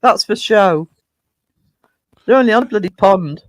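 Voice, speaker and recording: Unhurried and high-pitched, this livestream host chats casually, reading comments from viewers aloud and greeting them by name. There's no room sound in the recording.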